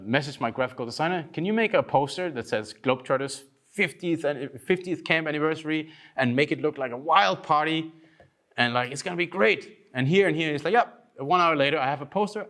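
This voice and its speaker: A man from Denmark gives a workshop talk in a loose, storytelling way. He acts out other people's voices with big swings in pitch and swears casually. He sounds a little tired, having slept little. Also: animated, fairly quick, a bit bright. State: tired from lack of sleep. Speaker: workshop speaker.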